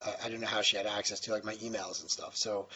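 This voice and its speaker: A man's voice: fairly low pitch, level tone, fast, sharp tone. A man being interviewed, telling a long personal story with many restarts and quoted back-and-forth. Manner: rambling, with frequent restarts and quoted dialogue. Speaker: interview guest. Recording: slightly dull, lo-fi sound with faint background noise.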